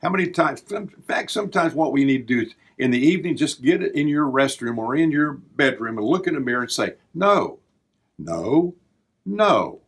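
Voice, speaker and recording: A man's voice: mid-range voice, fast, few pauses, slightly rough. An older man hosting a devotional podcast, talking in an earnest, preacherly way as he works through a numbered list. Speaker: podcast host.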